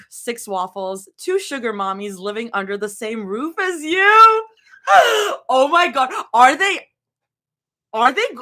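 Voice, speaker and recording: A woman's voice: mid-range voice, sharp tone. Giggly, chatty woman live-reading fanfiction. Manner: giggly, chatty, lots of fillers. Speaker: live-stream fanfiction reader. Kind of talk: casual live reading and chat.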